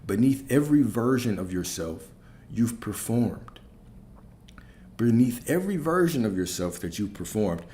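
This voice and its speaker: Low dark-voiced man preaching emphatically. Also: big pitch swings, unhurried, a little hiss or hum. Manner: emphatic, repeats key phrases, asks rhetorical questions. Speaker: spiritual coach. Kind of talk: preaching spiritual talk.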